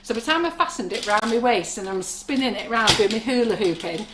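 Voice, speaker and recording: A woman's voice: on the high side, expressive, brisk, noisy background. A middle-aged woman, chatting and telling stories while demonstrating baking products on a live stream from her kitchen. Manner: chatty, rambling, storytelling. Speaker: baking shop owner presenting products. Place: shop kitchen.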